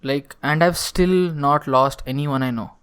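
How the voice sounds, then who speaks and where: A man's voice: a little high, unhurried, fairly bright tone, clean tone. A young man co-hosting a casual podcast, joking at his own expense, swearing and filling his talk with "like". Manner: jokey and self-mocking, swears, fills talk with "like". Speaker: podcast co-host.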